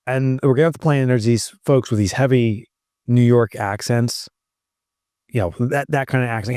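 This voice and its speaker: A middle-aged man from New Jersey co-hosting a podcast, chatting casually and telling animated stories. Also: mid-range voice, normal speed, dry recording, clean studio sound. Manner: animated storyteller, mimics other people's voices. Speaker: podcast co-host. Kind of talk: casual chat.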